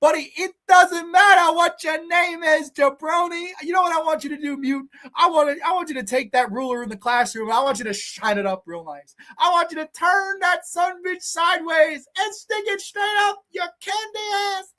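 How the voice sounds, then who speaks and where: A speaker doing a wrestling promo impression, playing a brash trash-talking pro wrestler who taunts and shouts loudly. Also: extremely high pitch, normal speed, hardly any pauses, pitched above the performer's own voice. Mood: taunting.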